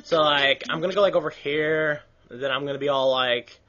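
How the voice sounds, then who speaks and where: A man recording gameplay commentary, rambling in quiet asides and then shouting excited, swearing hype lines. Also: a little high, brisk, highs cut off, soft background music. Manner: loud, excitable, swears often; mumbled asides between bursts.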